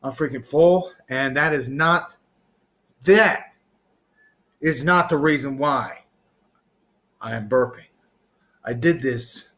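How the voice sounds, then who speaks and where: Slow, rambling male vlogger. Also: medium pitch, fairly bright tone. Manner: drawn-out, meandering, trails off and restarts. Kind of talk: rambling casual monologue.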